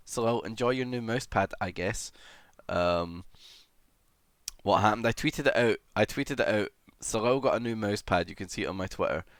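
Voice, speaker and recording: A man's voice: on the low side, fairly bright tone, dry recording, clean studio sound. A young man livestreaming in casual chat, greeting viewers one by one and swearing casually.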